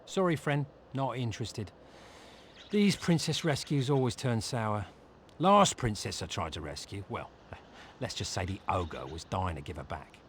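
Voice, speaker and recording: A sarcastic rogue bard. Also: male voice, lowish voice, expressive, measured pace, slight background noise. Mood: sardonic. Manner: sarcastic, dry, mocking quips. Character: snarky greedy roguish male bard anti-hero. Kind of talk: video game voice acting.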